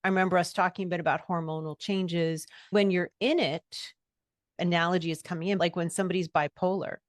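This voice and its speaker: A woman reflecting back a friend's story in a calm, thoughtful, empathetic way. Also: fairly low pitch, fairly quick, dry recording, clean studio sound. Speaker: podcast host. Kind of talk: reflective conversation.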